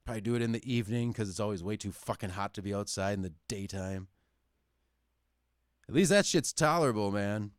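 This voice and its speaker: A young podcast host from Wisconsin, United States rants and swears heavily in a casual chat. His fairly low voice moves a little fast with a clean tone, captured in a dry, clean studio recording.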